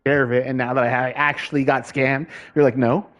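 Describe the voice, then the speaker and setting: A man's voice: mid-range voice, flat delivery, quick pace, a bit bright. A man in a casual vlog, venting in an exasperated, profane way and laughing often as he talks. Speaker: vlogger. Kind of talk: casual ranting chat.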